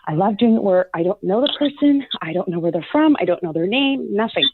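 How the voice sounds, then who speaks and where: A woman's voice: medium pitch, expressive, brisk, background noise. A woman reading as a psychic guest, chatting casually and effusively on a call-in radio show. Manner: chatty, effusive, lots of "like" and "you know". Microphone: phone call-in. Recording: tinny phone line.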